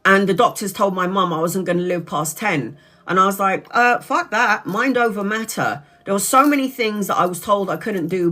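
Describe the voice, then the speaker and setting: A woman's voice: medium pitch, fairly bright tone. Frank, casually swearing tarot reader woman. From Brazil. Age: 40s. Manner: frank, swears casually, direct address to viewer. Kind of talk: live tarot reading.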